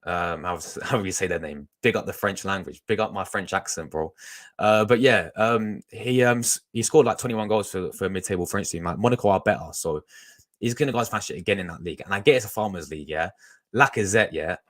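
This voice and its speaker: Deep voiced young guy, rambly casual stream chat, talks to his viewers. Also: brisk, a bit bright. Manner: rambling, chatty, talks to chat, restarts a lot. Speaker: fan channel host reacting on a live stream.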